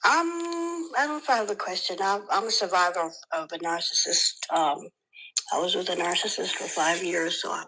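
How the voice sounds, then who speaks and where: A woman caller asking a question, halting with many pauses and fillers, partly whispering. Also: lowish voice, bright, forceful tone, a little hiss or hum, rough recording. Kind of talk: hesitant call-in question.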